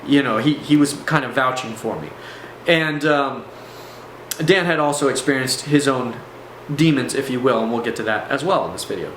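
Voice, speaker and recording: A man's voice: medium pitch, moderate pace, a bit bright. A man casually recounting a personal experience to his viewers, conversational and digressive, with asides to the audience. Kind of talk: casual first-person storytelling to camera. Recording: echoey room with faint background hum.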